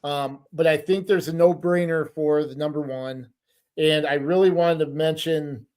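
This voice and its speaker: A man's voice: fairly high pitch, fairly even intonation, unhurried, a little mellow. A middle-aged man co-hosting a podcast, telling stories in a rambling, hesitant casual chat. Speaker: podcast co-host.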